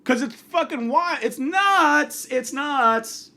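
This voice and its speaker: A man delivering a profane comedic rant, abrasive and insulting, swinging from yelling to muttering. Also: very high voice, expressive, slow, creaky, few pauses. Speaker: comedic ranter.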